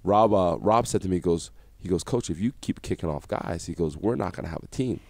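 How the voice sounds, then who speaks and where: A man, a former basketball coach, guest on a radio interview, telling animated stories and acting out what people said to him. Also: low-pitched, fairly quick, creaky, dry recording. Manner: animated storyteller acting out quotes. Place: radio studio.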